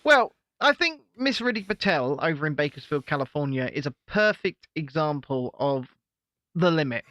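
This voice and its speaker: Casting: bright, fairly high British man, opinionated co-host with dry wit, dry close recording. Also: expressive, moderate pace, no room sound, lo-fi sound. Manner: earnest, opinionated, dry quips. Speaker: podcast co-host and YouTuber. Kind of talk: casual comedic chat.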